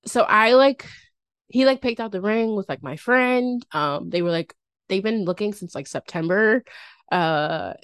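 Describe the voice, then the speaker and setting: A woman's voice: mid-range voice, animated, unhurried, clear, resonant tone, no echo. Rambling young woman podcaster, dry close mic. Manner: rambling, filler-heavy, giggly. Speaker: podcast host. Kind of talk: casual chat.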